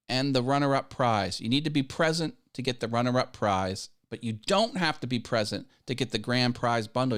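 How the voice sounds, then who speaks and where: A man hosting a casual live stream, rambling and restarting his sentences and chuckling at his own jokes. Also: medium pitch. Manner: rambling, self-interrupting, laughs at own jokes. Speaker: YouTube live show host.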